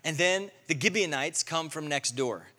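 A male pastor preaching a sermon, telling the story with lively acted-out quotes. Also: on the high side, moderate pace, big-room sound. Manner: animated storytelling, acting out quotes.

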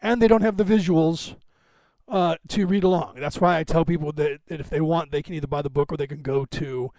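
A man's voice: on the high side, steady tone, brisk, a little mellow, dry recording. A man hosting a podcast, talking in a digressive, self-assured casual monologue full of asides and tangents. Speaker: podcast host.

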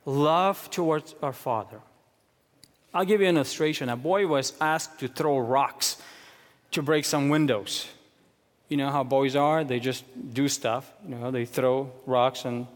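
A man preaching a sermon in earnest, moving between hushed low stretches and raised, emphatic questions. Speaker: pastor. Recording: long hall reverb.

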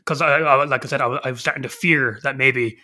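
A man in his thirties chats on a podcast with a bright, sharp tone. He rambles and swears freely, getting animated as he talks through his thoughts. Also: medium pitch, quick pace. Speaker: podcast co-host. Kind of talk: casual chat.

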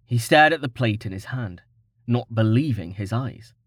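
A man narrating a fantasy novel in a measured, expressive reading. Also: mid-range voice, breathy edge, dry recording, studio quality. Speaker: audiobook narrator.

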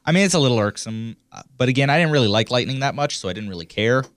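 A man's voice: mid-range voice, lively intonation, racing, dry recording. Co-host, male, mid voice, hesitant and easygoing, dry close mic. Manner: hesitant, lots of ums and softened opinions. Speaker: podcast co-host. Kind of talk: casual podcast chat.

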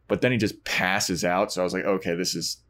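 A man co-hosting a casual podcast, retelling a TV episode and acting out the characters' lines in quick bursts. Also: low-pitched. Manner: animated retelling, acts out quoted lines. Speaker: podcast co-host. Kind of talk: casual chat recapping a TV episode.

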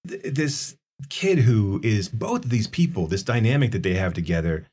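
A man's voice: on the low side, lively intonation, normal speed, a little mellow, breathy edge. A man co-hosting a podcast, talking casually and profanely about a film, rambling with many restarts. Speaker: podcast co-host.

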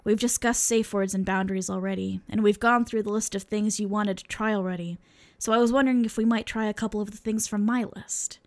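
A woman's voice: medium pitch, steady tone, a little fast, close to an everyday voice. A woman reading aloud the lines of an earnest, formal male angel who speaks in a stiff, overly proper way.

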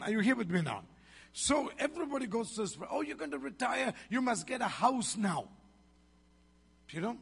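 Malaysian male pastor, 50s, husky higher voice, emphatic call-and-response sermon, reverberant hall. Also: fairly bright tone. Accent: Malaysian English.

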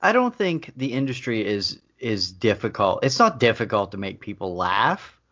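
A man's voice: fairly low pitch, big pitch swings, normal speed, fairly bright tone, highs cut off. A man co-hosting a podcast in casual comedy chat, telling stories in a dry, matter-of-fact way. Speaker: podcast co-host.

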